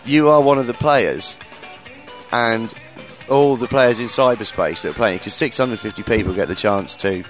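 A man in his late thirties, a comedian hosting a podcast, telling stories in casual chat, swearing freely and mimicking people in a high voice. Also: moderate pace, soft background music. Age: 30s.

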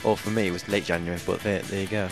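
A man's voice: deep voice, steady tone, racing, faint music behind. A man co-hosting a podcast in casual chat, answering with short, dry remarks. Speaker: podcast co-host.

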